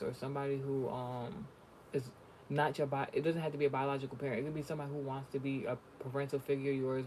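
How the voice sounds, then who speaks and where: A man gives a spiritual reading in a casual chat, telling stories bluntly and swearing freely. His voice is medium-pitched and a little mellow, with slight background noise behind it.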